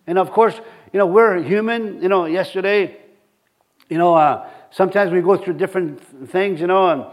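Halting, folksy preacher man with a high voice. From reservation community. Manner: halting, many restarts and fillers; folksy, chuckling asides. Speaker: pastor. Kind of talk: sermon.

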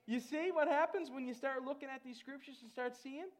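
High-voiced, exuberant male preacher. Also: brisk, few pauses. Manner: exuberant, bursts into loud laughter, repeats words. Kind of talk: sermon.

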